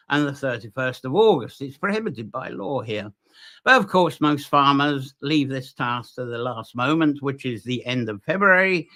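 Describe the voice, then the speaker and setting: A man's voice: on the high side, sharp tone. A man hosting a live nature folklore stream from Ireland, talking loosely with many fillers and restarts. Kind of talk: live-streamed solo talk.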